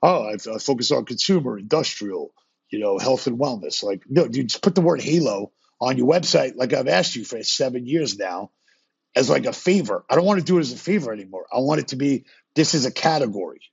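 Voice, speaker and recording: A man hosting a podcast, talking in a fast, slangy way and swearing freely. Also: medium pitch, lively intonation, gravelly, breathy edge, lo-fi sound. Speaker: podcast host. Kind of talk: casual interview chat.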